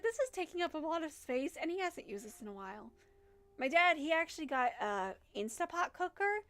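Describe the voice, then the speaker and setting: High-voiced giggly Midwestern woman streamer. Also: fairly bright tone. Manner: rambling and giggly, answering chat. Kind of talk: casual livestream chat.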